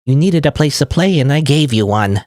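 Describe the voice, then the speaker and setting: Man doing high nasal princess girl, possessive, clingy, big swings in pitch; dry sound. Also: lively intonation, brisk, darkish tone, no room sound, lightly acted. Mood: demanding.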